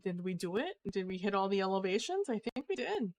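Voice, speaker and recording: A woman's voice: medium pitch, sing-song, fairly quick, a little mellow, no echo. A young woman streamer talking casually and rambling, with lots of fillers and restarts. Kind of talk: casual live-stream chat.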